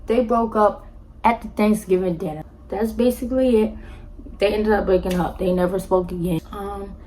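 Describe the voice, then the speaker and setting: A young woman telling a personal story to her viewers in a casual, animated way, talking to them directly and acting out what others said. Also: normal speed, slight background noise, poor audio. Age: young adult. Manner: animated, acts out quotes with jumps in pitch; addresses viewers directly as y'all. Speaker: storytime vlogger.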